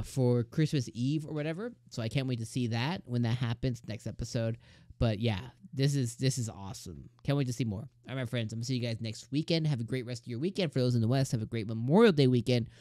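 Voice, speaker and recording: A man hosting a casual anime episode review, talking in an excited, rambling way with plenty of fillers. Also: mid-range voice, dry recording, clean studio sound.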